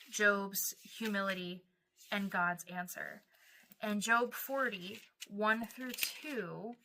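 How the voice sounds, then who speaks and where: Bright-voiced woman giving earnest Bible teaching. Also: medium pitch. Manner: earnest, acts out prayers and scripture voices. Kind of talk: devotional teaching talk.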